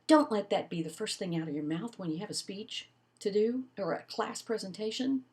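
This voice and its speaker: An older woman giving a recorded college lecture, teaching in an expressive way with lively emphasis. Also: mid-range voice, normal speed. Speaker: college instructor.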